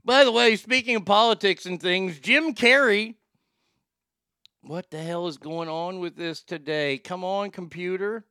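Podcast host, man, high gravelly voice, mocking comedic delivery. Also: unhurried, no room sound, studio quality. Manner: loud, mocking, laughs at his own jokes. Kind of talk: casual comedic commentary.

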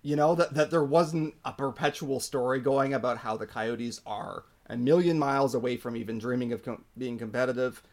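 A man's voice: mid-range voice, moderate pace, hardly any pauses. Opinionated man in casual hockey chat. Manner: opinionated, animated, frequent fillers. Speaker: podcast co-host.

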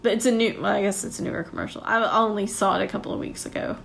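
Woman, casual chat, rambling storyteller who swears, mid pitch, faint background hum. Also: fairly even intonation, racing, vocal fry, fairly bright tone.

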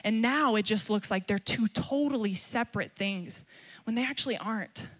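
A woman's voice: moderate pace, a bit bright. A young woman pastor preaching a sermon emphatically, acting out quotes as she goes. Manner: emphatic, acts out quotes with rising pitch.

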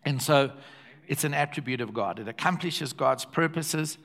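A man's voice: on the high side, moderate pace, creaky, a bit bright. An older man with a South African accent, preaching a sermon built around a personal story and repeating phrases for effect.

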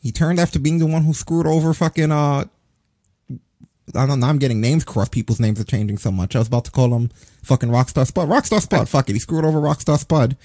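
Man in his forties, profane casual rant, quick delivery, dry close sound. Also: medium pitch, dry recording. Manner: profane, ranting, animated. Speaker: podcast co-host. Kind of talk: casual wrestling review chat.

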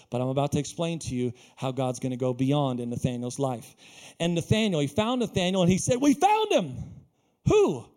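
A man with a high-pitched voice preaches a sermon in a small church. He is animated and jokey, and he acts out the lines he quotes. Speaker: pastor.

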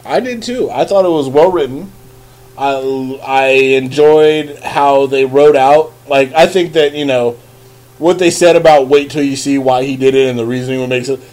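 A man's voice: mid-range voice, moderate pace, darkish tone. A man co-hosting a casual podcast chat, blunt and profane with short dry retorts. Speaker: podcast co-host.

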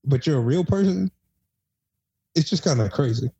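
A man's voice: a little high, lively intonation, moderate pace, dark tone, slightly rough, highs cut off. A man co-hosting a casual podcast chat, teasing the others and repeating words as he talks. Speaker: podcast co-host.

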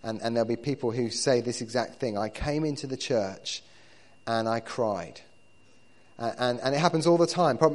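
A male pastor delivering a sermon in an everyday speaking voice at a middle pitch. His delivery is conversational and unpolished, with frequent restarts and doubled words as he gathers his thoughts. He speaks to the congregation the way he would talk to friends. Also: a little mellow. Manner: conversational, repeats words while building points.

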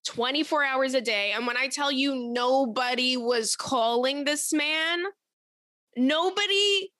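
A young woman hosting an advice show, talking in a blunt, profane, animated way as she tells stories and reads listener letters. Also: on the high side, no room sound, studio quality. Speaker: advice podcast host. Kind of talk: casual advice chat.

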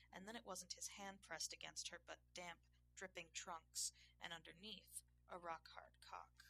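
A woman narrating an erotic audio story in a slow, hushed, intimate reading. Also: fairly low pitch, gravelly, slight background noise.

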